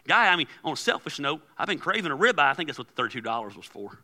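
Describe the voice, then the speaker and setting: A man preaching a sermon as pastor, animated and acting out quoted prayers. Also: on the high side, racing. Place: large church hall. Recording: long hall reverb.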